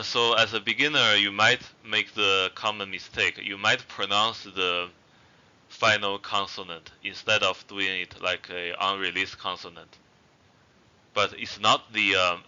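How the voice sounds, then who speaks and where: A man with a lowish, very bright and smooth voice teaches a language lesson at an unhurried pace. He explains patiently with fillers and says each example word twice for learners. The recording sounds dull and lo-fi.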